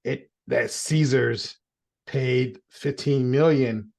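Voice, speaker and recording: A man's voice: mid-range voice, takes it slowly, vocal fry, a little mellow. A man co-hosting a podcast, laid back and casual, who mostly chimes in with short agreeing replies. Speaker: podcast co-host.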